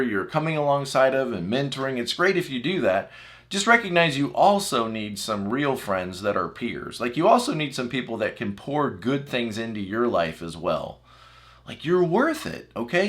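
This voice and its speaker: A man's voice: medium pitch, a bit bright. A man coaching his viewers in an earnest, encouraging talk, repeating phrases for emphasis. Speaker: enneagram coach. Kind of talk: motivational talk to camera.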